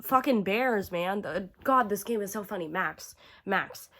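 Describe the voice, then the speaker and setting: A woman's voice: medium pitch, animated, unhurried, bright, forceful tone. A young woman giving casual, profane ranking commentary to camera, chatty and full of fillers, gushing about favorites. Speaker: horror video creator.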